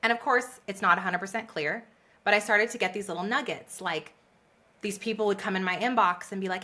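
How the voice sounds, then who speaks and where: Speaking briskly at a medium pitch, a woman shares her story as a podcast guest. She's a business coach, animated and quick to laugh, and she brings quotes to life by acting out what others said.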